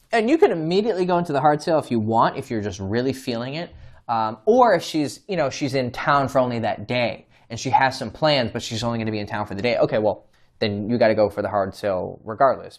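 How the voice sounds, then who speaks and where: A young man giving casual dating advice, acting out both sides of conversations. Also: mid-range voice. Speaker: dating coach. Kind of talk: casual instructional talk.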